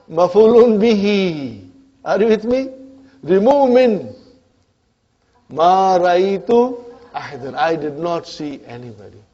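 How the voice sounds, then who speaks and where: A male Arabic teacher with a high, darkish voice delivers a classroom grammar lecture, captured in a dull lo-fi recording. He frequently checks in with his students by asking "huh?" and "are you with me?".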